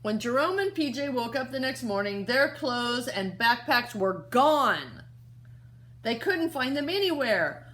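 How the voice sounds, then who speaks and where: A woman teacher reading a picture book aloud to young children, expressive and asking them questions along the way. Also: fairly high pitch, unhurried, slight background noise.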